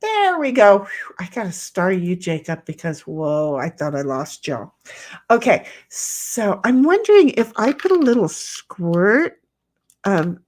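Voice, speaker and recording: A woman's voice: medium pitch, huge pitch swings, a little slow, a little mellow. A woman hosting a casual livestream, reading chat messages aloud in playful voices and rambling with many restarts while she paints.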